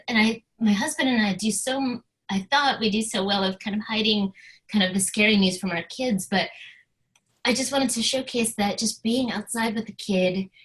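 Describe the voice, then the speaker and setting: A woman, a writer and professor, giving an informal webinar presentation in a soft, hesitant way with many filler ums. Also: mid-range voice, rough recording.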